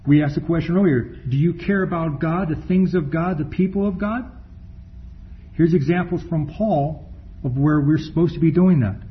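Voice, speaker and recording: A man preaching a sermon, reading scripture aloud slowly and stressing key words as he explains them. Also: fairly high pitch. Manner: slows down to stress words, reads scripture deliberately. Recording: dull recording with faint room noise.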